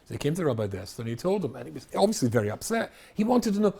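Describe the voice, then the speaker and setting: A man from Scotland, a rabbi giving a storytelling lecture, animated, with loud exclamations and quiet asides. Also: a little high, racing, gravelly, breathy edge.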